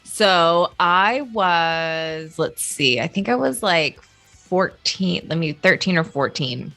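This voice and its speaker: A woman's voice: on the low side, animated, slow, gravelly, sharp tone, faint music behind. A woman from the United States, a guest expert, chattily telling a personal story and correcting herself as she goes.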